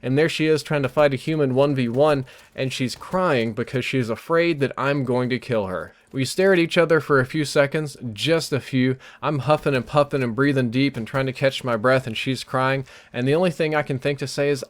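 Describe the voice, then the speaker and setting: Man, animated storyteller, mid-pitched voice, gameplay commentary. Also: fairly quick. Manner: animated, breathless storytelling with restarts. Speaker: gaming YouTuber. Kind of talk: dream story told over gameplay.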